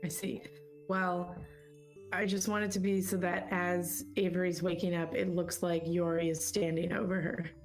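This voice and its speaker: A woman's voice: lowish voice, flat delivery, moderate pace, over music. A woman playing a tabletop game in a playful, giggly way, plotting pranks for her character. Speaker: player.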